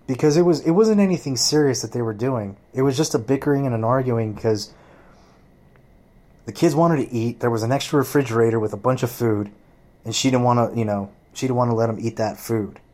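A man's voice: medium pitch, brisk. A man telling a personal story in a casual, profane rant, acting out what people said. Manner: profane, animated, acts out quoted voices.

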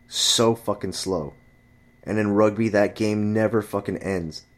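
A man's voice: steady tone, measured pace. A man ranting casually about his friends and dating, swearing often and jumping his voice up to mimic other people. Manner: profane, exasperated storytelling; jumps high to mimic chatty friends and women. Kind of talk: casual rant.

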